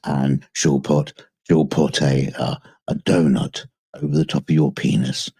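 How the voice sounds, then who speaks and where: A man co-hosting a podcast, telling crude comic stories with a husky voice and frequent laughter. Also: extremely low pitch, fairly even intonation, measured pace, mellow, dry recording. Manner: laughs often, tells bawdy stories. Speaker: podcast co-host. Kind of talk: crude comedic banter.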